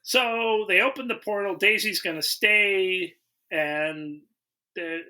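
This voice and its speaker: A man's voice: sits high, takes it slowly, pushed and bright. A man co-hosting a podcast in casual chat, joking and acting out lines from a movie. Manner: jokey, mimics movie characters in quoted asides. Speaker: podcast co-host.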